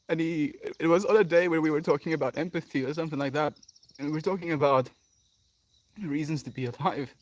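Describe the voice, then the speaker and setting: A man's voice: fairly high pitch, steady tone, normal speed, long pauses. A man hosting a daily livestream in an emotional, effusive chat, often sighing and laughing as he thanks viewers. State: emotional, near tears. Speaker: livestream host.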